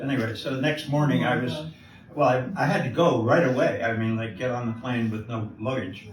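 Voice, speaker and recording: A man's voice: medium pitch, steady tone, fairly quick. An older American man telling anecdotes on stage at a live event, rambling with many restarts. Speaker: guest jeweler. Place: live event before an audience. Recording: distant echoey room mic, live event.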